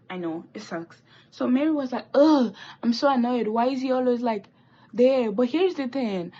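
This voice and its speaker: A teenage girl telling a rambling, animated story while doing her makeup, with swearing and asides. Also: fairly high pitch, vocal fry, breathy edge, lo-fi sound. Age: teens. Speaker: vlogger. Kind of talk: chatty get-ready-with-me story time.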